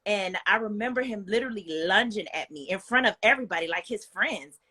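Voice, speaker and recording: Bright-voiced young woman telling her story. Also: mid-range voice, animated, a little fast, slightly rough. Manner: earnest and frank, heavy on fillers like "like" and "you know". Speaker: guest. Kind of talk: candid personal storytelling.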